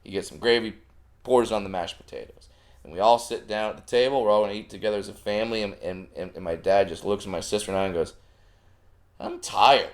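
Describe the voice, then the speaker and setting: A male comedian guest on a casual podcast, telling family stories with lively, animated delivery. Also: on the low side, fast talker. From Southern California. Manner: animated storyteller, acting out family anecdotes.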